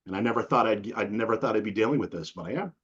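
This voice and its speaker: A middle-aged guest from New England talks rapid-fire in a lowish, husky, slightly breathy voice during a relaxed interview. He acts out quotes in his animated, slang-heavy stories, and the recording sounds dull and lo-fi.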